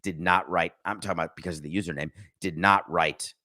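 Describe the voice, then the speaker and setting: A man's voice: deep voice, steady tone, brisk, sharp tone. A middle-aged man hosting a sports podcast, giving casual, sarcastic commentary and slipping into mock voices.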